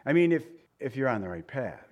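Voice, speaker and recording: A man's voice: medium pitch, sing-song, brisk, lo-fi sound. A middle-aged man preaching a sermon in a conversational way, asking the listeners rhetorical questions. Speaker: pastor.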